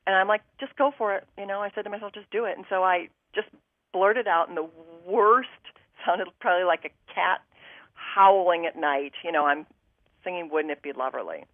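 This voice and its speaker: A woman's voice: fairly low pitch, moderate pace, no echo, narrow, tinny audio. A woman guest telling a personal story on a talk show, acting out her own thoughts and what others said to her.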